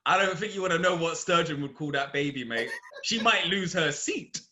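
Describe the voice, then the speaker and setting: Lively, joking young man. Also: on the high side, brisk. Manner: crude, teasing, laughs often. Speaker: guest playing a chat game. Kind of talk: joking casual banter. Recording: roomy echo.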